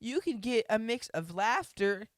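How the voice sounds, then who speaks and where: A man co-hosts a podcast in loose, goofy banter, high in pitch with a smooth, clean tone. He swears freely and drifts into silly impressions as he jokes around. The sound is dry and close, with no room around it. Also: very animated, a little slow, no echo. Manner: goofy, swears freely, slips into mock voices. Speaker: podcast co-host. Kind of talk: casual comedic banter.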